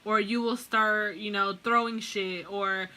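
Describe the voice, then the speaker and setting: Young female tarot reader, loose and foul-mouthed, bright tone. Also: mid-range voice, fairly even intonation, unhurried. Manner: casual, profane, rambling with many fillers. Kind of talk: casual tarot reading.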